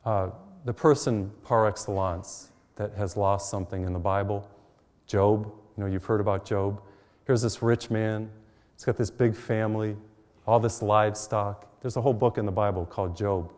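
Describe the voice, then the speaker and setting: A man's voice: fairly low pitch, steady tone, normal speed, darkish tone, big-room sound. A middle-aged man, a priest, giving a conversational televised sermon full of personal stories, recorded in a church. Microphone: mic while facing cameras.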